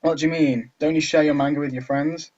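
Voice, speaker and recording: A man's voice: on the high side, steady tone, brisk, a little mellow, close to an everyday voice. A man voicing a brash, touchy teenage schoolgirl in a put-on American accent, snapping and defensive as he reads a visual novel aloud. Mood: grumbling. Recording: dull lo-fi recording.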